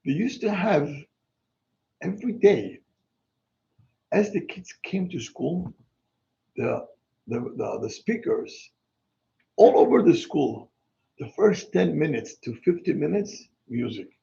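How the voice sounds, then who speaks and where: Animated rabbi preaching. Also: male voice, fairly high pitch, slow, creaky, pauses often. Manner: animated, emphatic, exclaiming, mixing in Hebrew words. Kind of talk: sermon. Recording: dull lo-fi recording.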